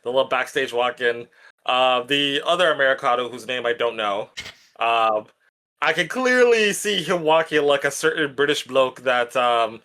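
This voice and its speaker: A podcast co-host chats casually and rambles with plenty of fillers. His medium-pitched voice is animated and sharp in tone, at a moderate pace, with slight background noise.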